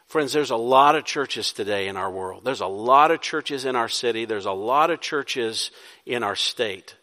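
A man's voice: mid-range voice, lively intonation, moderate pace, sharp tone. A man, a pastor, preaching a sermon, asking rhetorical questions and building to emphatic bursts. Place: church sanctuary. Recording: long hall reverb.

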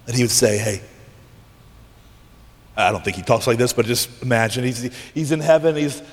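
A man pastor preaching a sermon in a church, emphatic and intense, with dramatic pauses and sudden hushes. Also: medium pitch, long reverb tail.

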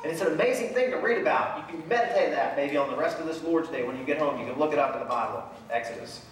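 A man with a fairly high voice preaches a lively sermon, dropping into dramatic voices as he retells Bible scenes. He is heard from a distance in a very echoey church hall, with a faint hum of room ambience behind him. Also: fast talker. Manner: animated preaching, acts out voices of Bible figures. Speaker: pastor. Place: large church sanctuary.

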